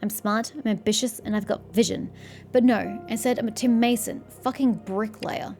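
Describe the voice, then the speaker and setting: A woman's voice: fairly high pitch, fairly even intonation, normal speed, darkish tone, close to an everyday voice. A woman puts on a surly, arrogant male laborer convinced he is a wasted genius. He rants indignantly, boasting and sneering. Faint game music sits under the voice. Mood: boastful. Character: surly, arrogant male bricklayer, self-pitying and ranting.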